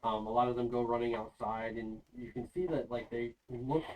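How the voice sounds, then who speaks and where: A man's voice: medium pitch, steady tone, normal speed, a little mellow, distant mic, rough recording. A man running a tabletop game as game master, narrating loosely with many fillers.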